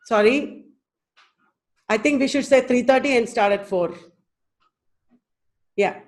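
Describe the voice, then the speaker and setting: Slow, lively woman teaching in an echoey room. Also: sits high. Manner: slow, emphatic, sounding out stress patterns. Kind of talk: webinar lecture. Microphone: computer mic on a video call.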